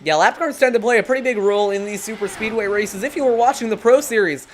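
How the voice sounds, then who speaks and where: A lead commentator calling an online sim race play-by-play, briskly reeling off drivers, positions and track corners. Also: mid-range voice, a little hiss or hum.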